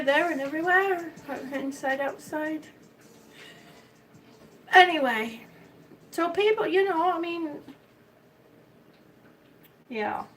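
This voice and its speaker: An older woman from Miami with a high voice tells a rambling story in casual chat. Her accent mixes the American South and the Midwest. She sits a little back from the mic, and faint music plays behind her. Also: a bit bright, distant mic, rough recording. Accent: mixed American Southern and Midwestern. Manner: chatty storyteller, rambling with restarts. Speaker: vlogger.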